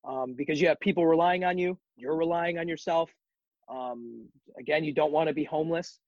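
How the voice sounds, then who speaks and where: Guy guesting on a podcast, breathy voice kinda high, lots of ums, muffled dry sound. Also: fairly quick, no room sound. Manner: reflective, encouraging, many ums. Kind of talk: casual chat.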